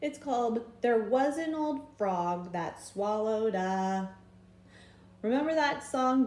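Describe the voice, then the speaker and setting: Slow, gentle preschool teacher woman. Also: fairly high pitch, lively intonation. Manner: slow, gentle, sing-song, speaking to small children. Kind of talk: craft and song lesson for young children. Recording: roomy echo, faint room noise.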